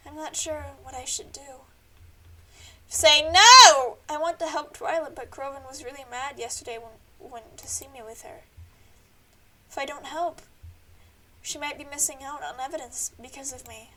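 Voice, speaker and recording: Young female let's-play host, high and bubbly, quick to exclaim. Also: a little hiss or hum. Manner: playful, exclamatory. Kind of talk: game commentary and dialogue reading.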